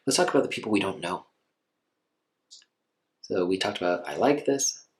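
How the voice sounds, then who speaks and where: Man, lowish voice, meditation teacher, relaxed conversational delivery, lots of filler words. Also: moderate pace, low-quality recording. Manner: conversational, gentle, many fillers like "like". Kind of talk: informal dharma talk.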